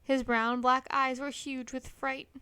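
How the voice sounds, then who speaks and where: A woman reading a children's storybook aloud in an expressive, lively manner. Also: high voice, unhurried, clean tone, no echo. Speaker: storybook reader.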